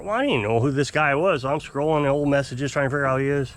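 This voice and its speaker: A man telling a long, exasperated story to camera in a rambling, casual way. He mimics his customers in high, put-on voices. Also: fast, few pauses. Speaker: off-grid homesteader fixing small engines.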